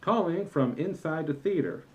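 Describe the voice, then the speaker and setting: A man's voice: on the high side, expressive, normal speed, darkish tone, poor audio. A young man in a comedic vlog rant about customers, talking in an exasperated, lecturing and emphatic way. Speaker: vlogger, former movie theater employee.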